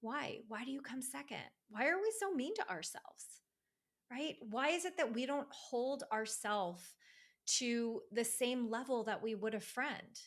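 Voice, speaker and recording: Woman, fairly high voice, divorce recovery coach, emphatic, fired-up podcast chat. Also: unhurried. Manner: animated, acts out quoted voices. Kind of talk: casual podcast conversation.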